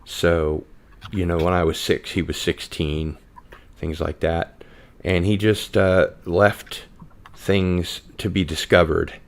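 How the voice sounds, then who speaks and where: A relaxed man with a very low, deep voice hosts a laid-back live podcast. He chats easily and reads out viewer comments between topics. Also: takes it slowly. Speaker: podcast host. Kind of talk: casual live-stream chat.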